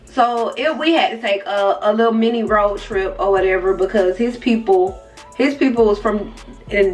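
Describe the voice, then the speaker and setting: A young woman vlogger telling a casual story, chatty and speaking straight to her viewers with side remarks. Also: mid-range voice. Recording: distant mic with faint music.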